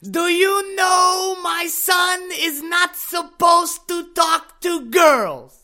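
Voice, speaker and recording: A man voicing a small, strict immigrant mother with an Arabic accent who shouts and scolds. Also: very high voice, fairly even intonation, drawn-out words, soft background music, voice pushed up, heavily acted. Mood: scolding yell.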